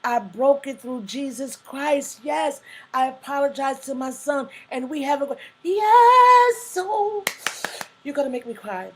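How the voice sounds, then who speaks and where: A woman's voice: high voice, moderate pace, darkish tone, a little hiss or hum, rough recording. A woman hosting a live talk stream, chatting casually and reading viewer comments aloud with emphatic, preacher-like asides. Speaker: livestream talk show host.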